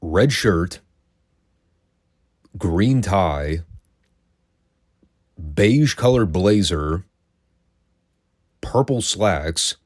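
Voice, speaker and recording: A man's voice: deep voice, no room sound, studio quality. A man hosting a casual solo recap show, telling the story in a chatty, wry, opinionated way. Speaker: wrestling recap host.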